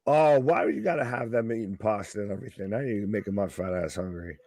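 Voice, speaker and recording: A man co-hosting a live wrestling reaction stream, excitable and profane, his voice going hoarse. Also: fairly low pitch, fast, no room sound, clean studio sound. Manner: excitable, profane, calls the action. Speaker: wrestling co-host.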